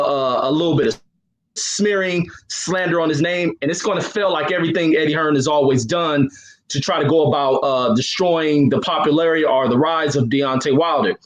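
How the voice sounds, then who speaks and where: A man's voice: fairly high pitch, roomy sound, poor audio. A man co-hosting a live boxing talk stream, emphatic and rambling, with frequent filler sounds.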